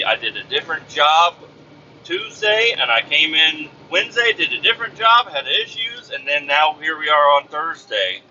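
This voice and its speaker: Foul-mouthed, exasperated trucker venting. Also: male voice, on the high side, pushed and bright, muffled recording, slight background noise. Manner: profane, exasperated storytelling. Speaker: truck driver and podcast host. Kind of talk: casual rant, recounting his workday.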